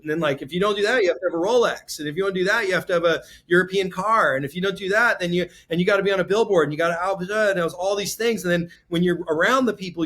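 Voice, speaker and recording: A man's voice: high-pitched, fairly bright tone. Earnest, rambling man in his forties. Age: 40s. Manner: emotional, rambling and earnest, with restarts. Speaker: guest, real estate entrepreneur. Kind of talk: candid podcast interview.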